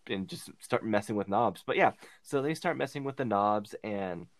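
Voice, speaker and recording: A man's voice: on the low side, expressive, measured pace, dry recording. A man co-hosting a casual movie review podcast, retelling the plot with lots of fillers. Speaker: podcast co-host.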